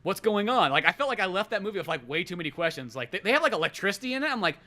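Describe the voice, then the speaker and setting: Profane rambling podcast host. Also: male voice, high voice, very animated, rapid-fire, bright, forceful tone. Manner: rambling, profane, acts out scenes. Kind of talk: casual podcast chat.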